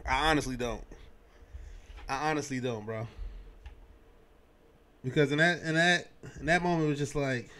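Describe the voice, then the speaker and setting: A young man hosting a podcast, giving his sports opinions in a casual, animated way, full of slang and restarts. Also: mid-range voice, moderate pace, pauses often. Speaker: podcast host.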